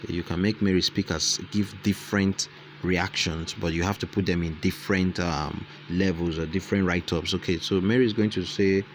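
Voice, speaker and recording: A man's voice: low-pitched, steady tone, fairly quick, a little hiss or hum. A man hosting a casual screen-recorded tutorial, thinking aloud and repeating his phrases as he dictates lines and punctuation. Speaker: tutorial host.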